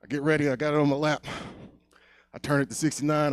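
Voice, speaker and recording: A young man doing a stand-up set on a comedy club stage, telling a long story, often dropping to a hush, then getting loud again. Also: on the high side, steady tone, quick pace, no room sound. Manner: loose storytelling, swings loud and quiet.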